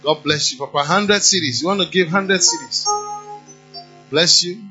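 A man's voice: fairly high pitch, moderate pace, lo-fi sound, music in the background. A male pastor, preaching and calling for offerings in church, exhorting the congregation and chanting amounts over and over. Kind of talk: sermon and offering appeal.

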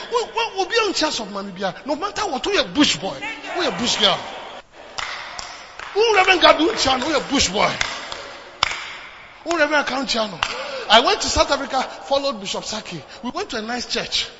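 A man preaching a sermon in a church, swinging between quiet talk and loud shouted exhortation. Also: extremely high pitch, very animated, fairly quick. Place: church hall. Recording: dull lo-fi recording with background noise.

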